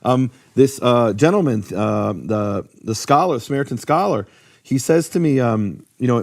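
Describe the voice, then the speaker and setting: A man's voice: medium pitch, fairly quick, vocal fry. Talkative man explaining with restarts. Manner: lively, many fillers and restarts. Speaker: Bible teacher. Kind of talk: casual explanatory talk.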